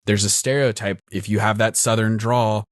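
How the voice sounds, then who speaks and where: A man's voice: lowish voice, fairly even intonation, moderate pace, no echo, studio quality. A man, a podcast guest who runs tabletop games, chatting casually and thinking aloud with lots of fillers. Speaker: podcast guest and dungeon master. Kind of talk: casual chat.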